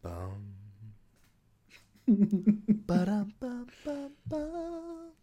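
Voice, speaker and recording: A man voicing a mock cowboy commercial announcer, with a put-on twang, speaking slowly, low and hushed in a sensual tone. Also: husky, exaggerated voice.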